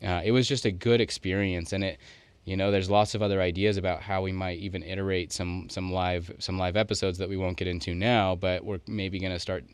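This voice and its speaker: Male podcast co-host: very deep, resonant voice, loose run-on musing. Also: little pitch movement, fairly quick, hardly any pauses, clear, resonant tone, dry recording. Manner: loose, thinking aloud in long run-on sentences. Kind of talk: casual podcast chat.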